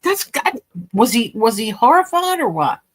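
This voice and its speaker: Husky, lively woman, low pitch, quick reactive asides, dry sound. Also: no echo. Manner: reactive, chimes in with short comments. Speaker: stream host. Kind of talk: casual chat.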